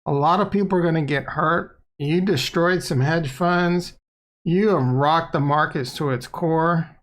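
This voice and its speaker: A man's voice: a little high, a little slow. A man talking casually on a livestream as a crypto YouTuber, loose and rambling, playful and blunt, close to a desk microphone.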